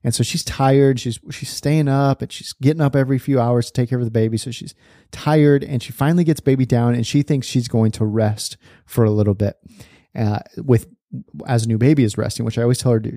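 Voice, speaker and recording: A man's voice: medium pitch, steady tone, brisk, warm tone, no echo, clean studio sound. A man in his thirties hosting a podcast in a casual, chatty monologue, laughing often and calling listeners "man". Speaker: podcast host.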